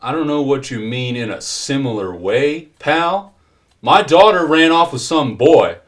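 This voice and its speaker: A man voicing a frantic, irate father who shouts at a police officer. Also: medium pitch, animated, measured pace, pitched above the performer's own voice. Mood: furious. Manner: shouting, furious.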